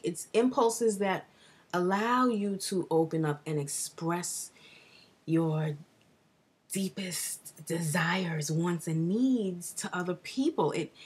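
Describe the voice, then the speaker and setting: A woman talking excitedly in a casual astrology vlog, rambling with restarts and dropping into breathy whispered asides. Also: fairly low pitch. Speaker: astrology vlogger.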